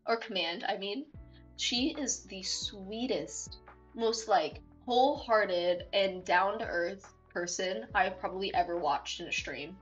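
A young woman streaming live, chatting to viewers in a bubbly, expressive, rambling way and giggling often. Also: mid-range voice, slow, soft background music. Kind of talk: casual live-stream chat. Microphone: desktop mic, no webcam.

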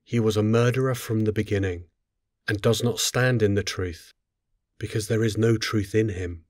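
A man with a lowish voice reads scripture in a solemn, measured way. His delivery is unhurried and steady. The sound is dry and close, with no room around it. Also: no room sound. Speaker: scripture reader.

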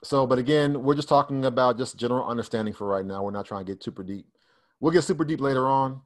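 A Bible Hebrew teacher leads a casual online study session over a fellowship video call. His voice sits at a medium pitch and moves fast, and he often restarts and repeats himself as he explains things to the group.

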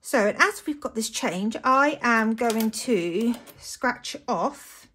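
A British woman with a slightly high voice talks casually to her viewers. She gushes and exclaims often, bubbly and warm as she chats along. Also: takes it slowly, slight background noise. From United Kingdom. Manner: chatty and gushing, with frequent excited exclamations. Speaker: budgeting vlogger. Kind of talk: casual chat to camera.

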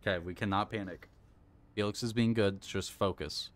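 A man streams a video game live, with a somewhat low, everyday voice. He narrates his own moves, urges himself to stay calm, and curses when the game beats him. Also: normal speed. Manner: frustrated, swearing, coaching himself aloud. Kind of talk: casual live-stream commentary.

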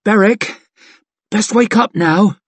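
Guy doing a scrappy hurt girl thief, voice pushed way up, strained, husky, dry audiobook read. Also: sits high, slow, no room sound, voice pushed up, full character voice. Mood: gritty. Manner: strained, hiding pain. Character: tough, wounded young woman thief.

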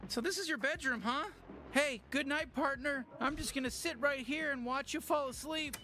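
A man voicing an excitable talking alien gun in a video game, stammering and rambling eagerly. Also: very high voice, moderate pace, faint music behind.

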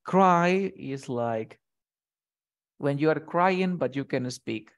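A man's voice: fairly high pitch, animated, slow. A man teaching vocabulary with acted examples. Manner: explains words with acted example lines, checks in often. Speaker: English teacher. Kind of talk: vocabulary lesson conversation.

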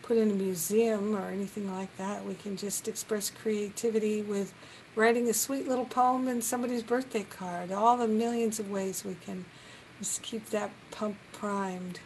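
A woman leading a reflective spiritual talk on a live group call, gentle and earnest, now and then acting out the voices she quotes. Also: medium pitch, fairly even intonation, moderate pace, a little hiss or hum, rough recording.

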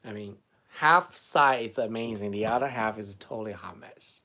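A middle-aged man with a Chinese accent, a beauty vlogger, chats on a live stream, reading out viewer comments and answering them one by one while laughing easily. His voice is lowish and sharp, at a normal speed.

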